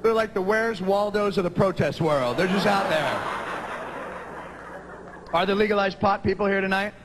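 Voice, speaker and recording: A man, doing a stand-up comedy routine and rising to shouted punchlines. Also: high-pitched, moderate pace, heavy background noise. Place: large theater stage before a live audience. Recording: long hall reverb, audible audience.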